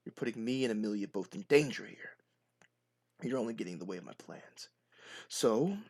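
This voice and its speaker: A man puts on a gloating cultist who hisses his threats in a low, breathy whisper and drags out every word. The voice is hushed, dark and patient, a villain who enjoys taking his time. It suits a solo horror tabletop game. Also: exaggerated voice. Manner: slow, savoring threats. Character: menacing male cultist, knife-wielding, gloating.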